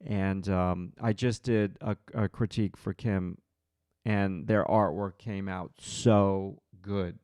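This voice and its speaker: A man's voice: deep voice, fairly even intonation, slow pace, darkish tone, clean tone, no room sound, studio quality. A man hosting a live drawing stream, thinking aloud as he draws and chatting with viewers in his chat.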